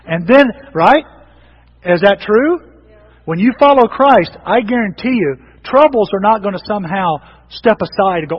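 A male pastor preaching a sermon in an animated, conversational way, often restarting his sentences. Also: sits high, moderate pace, breathy edge, in a large hall, dull audio.

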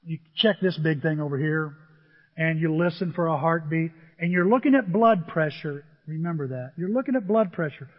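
High-voiced older man preaching in a hall. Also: moderate pace, highs cut off. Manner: animated storytelling, mimics voices. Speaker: pastor. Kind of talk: sermon.

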